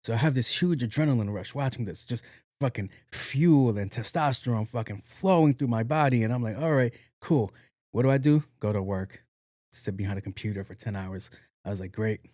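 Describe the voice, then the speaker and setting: A young man from New York hosting a podcast, telling a long story in a casual, animated, profane and self-mocking way. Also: medium pitch, fairly quick, no room sound, clean studio sound. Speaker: podcast host.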